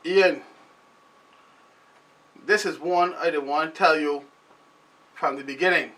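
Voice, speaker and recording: High, bright Barbadian man rambling. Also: takes it slowly, distant mic. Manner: loose, rambling, animated delivery. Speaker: show host. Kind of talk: casual commentary monologue.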